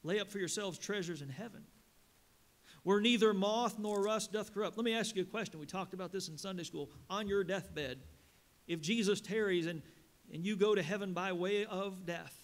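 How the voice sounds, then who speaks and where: A man preaching a sermon as a pastor in a church, reading scripture slowly and rising with emphasis. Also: high-pitched. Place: church sanctuary.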